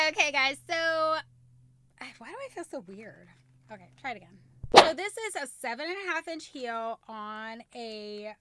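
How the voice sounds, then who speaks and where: A woman vlogging on camera, chirpy on her intros and muttering softly to herself between retakes. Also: on the high side, noisy background. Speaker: beauty and fashion vlogger. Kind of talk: casual on-camera vlog with retakes.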